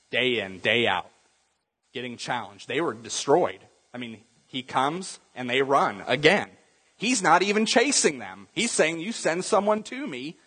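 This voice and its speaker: A man's voice: mid-range voice, a bit bright, breathy edge, in a large hall. A man preaching a sermon as pastor, talking conversationally and acting out Bible scenes in different voices.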